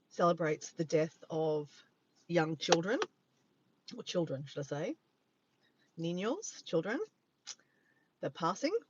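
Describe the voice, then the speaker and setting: A man's voice: fairly high pitch, lo-fi sound. An Australian man chatting on a casual livestream from his phone in a parked car by the beach, rambling and easily sidetracked. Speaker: vlogger. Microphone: handheld phone camera.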